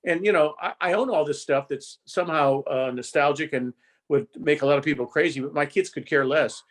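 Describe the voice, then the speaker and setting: A man's voice: on the high side, brisk. An older man from Indiana, a guest telling long, rambling stories in a casual podcast interview, with lots of restarts. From Indiana, USA. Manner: rambling storyteller, chatty with many restarts. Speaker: guest, former game show host.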